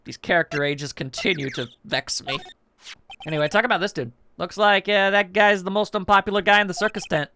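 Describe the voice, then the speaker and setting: A man's voice: high voice, brisk, bright, forceful tone. A man doing casual game playthrough commentary with rambling, joking asides. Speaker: game streamer voicing a playthrough.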